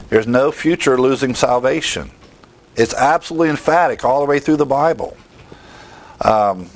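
A man teaching from scripture in a steady mid-range voice, firm and emphatic on each point. He moves quickly from one reference to the next with a lecturing, explanatory delivery. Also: mid-range voice, low-quality recording. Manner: emphatic, rapid verse citations. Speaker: Bible teacher. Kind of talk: expository Bible teaching.

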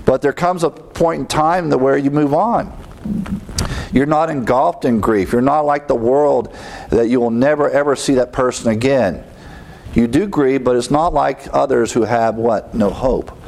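Man preaching, mid pitch voice, slows way down and jumps up high to hammer home words. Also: darkish tone. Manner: preaching with sudden rises in pitch and slowed emphasis. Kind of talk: sermon.

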